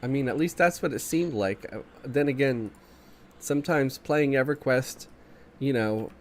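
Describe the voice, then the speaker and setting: A man's voice: medium pitch, unhurried. Congested man chatting on a game stream. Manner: laid-back, chuckling, reads chat aloud. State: congested, stuffy morning voice. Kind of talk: casual live-stream chat while gaming.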